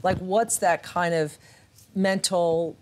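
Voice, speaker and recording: A woman's voice: lowish voice, steady tone, slow, darkish tone, a little hiss or hum. A woman appearing as a magazine editor guest on a talk show, chatty and playful. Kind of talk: casual talk show interview. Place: radio studio. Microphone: studio microphone.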